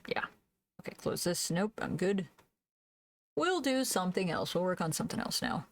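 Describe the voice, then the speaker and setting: A woman streamer chatting casually while she draws, thinking aloud, humming to herself and laughing softly, into a desk microphone. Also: lowish voice, sing-song, normal speed. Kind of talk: casual live-stream chat while drawing.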